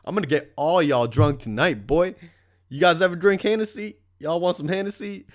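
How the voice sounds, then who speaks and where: A man's voice: fairly high pitch, moderate pace, pitched above the performer's own voice, close to an everyday voice. A man voicing an over-friendly party guy who calls everyone brother and family. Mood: boisterous. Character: over-friendly adult man partying at a hotel, sentimental, boastful.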